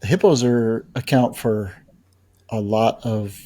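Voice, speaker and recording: A man with a lowish voice and a husky, slightly breathy tone chats as a podcast co-host. He talks casually, explaining his point to the guest in an easy conversational way. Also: slow, dark tone. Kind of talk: casual chat.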